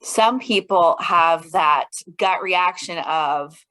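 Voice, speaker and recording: Slow-talking bright-voiced woman. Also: medium pitch, rough recording. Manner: slow, thoughtful, hesitant starts. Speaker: podcast co-host. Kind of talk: casual chat.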